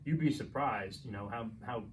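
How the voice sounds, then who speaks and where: A man's voice: medium pitch, normal speed. Rambling New man, off-mic. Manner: rambling, profane, laughs while telling stories. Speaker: podcast co-host. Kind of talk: casual storytelling chat. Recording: distant mic, faint noise.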